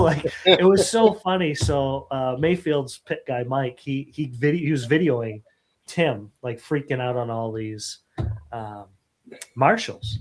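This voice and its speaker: A middle-aged man hosting a casual live stream, telling animated stories and acting out quotes. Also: medium pitch, a little slow. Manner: animated storyteller, acts out quotes. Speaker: host.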